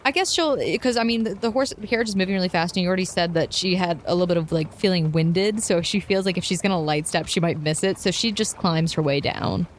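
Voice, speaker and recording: Lively young woman playing her character. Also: fairly low pitch, quick pace, hardly any pauses, slight background noise. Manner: lively, laughing, animated in character. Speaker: player. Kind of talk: tabletop role-play, narrating her character.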